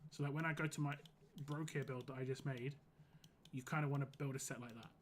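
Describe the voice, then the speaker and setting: A hoarse man streaming a game live, giving casual, rambling commentary full of "like". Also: mid-range voice, steady tone, quick pace, a little hiss or hum. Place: home gaming setup.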